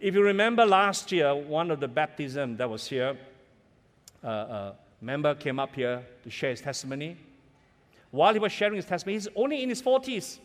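A middle-aged man preaches from the pulpit, his voice sitting a little high. He tells stories earnestly and builds to strong, emphatic peaks. His words ring out into a church hall with a long reverb. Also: animated, fairly quick. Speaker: pastor. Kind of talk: sermon. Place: church sanctuary.

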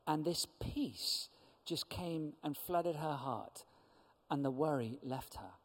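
A church speaker shares a testimony story, his voice slightly raised, a little high, and unhurried. He plays the people in the story with lively shifts, and a long hall reverb makes him ring out.

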